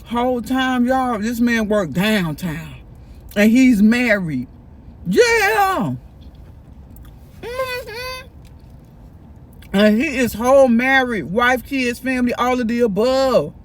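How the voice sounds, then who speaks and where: A man chatting in a casual storytime vlog, animated and gossipy, talking straight to his viewers. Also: extremely high pitch, measured pace, slight background noise. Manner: animated, gossipy, keeps addressing viewers directly. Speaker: vlogger. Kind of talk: casual storytime while eating.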